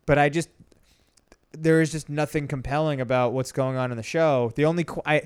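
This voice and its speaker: A man's voice: fairly high pitch, fairly even intonation, fairly quick, smooth, no room sound. A man co-hosting a podcast in casual chat, talkative and swearing freely. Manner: chatty, swears, frequent laughs and restarts. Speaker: podcast co-host.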